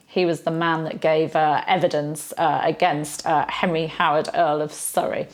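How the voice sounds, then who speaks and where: A woman's voice: low-pitched, normal speed, hardly any pauses. A middle-aged British woman hosting a casual history video, chatty and playful with wry asides. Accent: British English. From Britain. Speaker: history channel host. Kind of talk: casual educational talk to camera.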